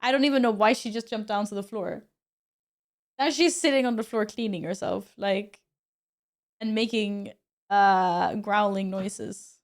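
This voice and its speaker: A woman's voice: mid-range voice, fairly even intonation, unhurried. A young woman streamer chatting casually with her viewers, laughing often and exclaiming as she comments on her cats.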